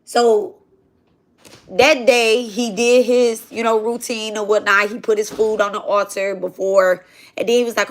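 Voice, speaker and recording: A woman's voice: mid-range voice, level tone, measured pace. A woman chatting casually on a livestream while she cooks, rambling and slangy as she tells a spiritual story. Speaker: spiritual content creator.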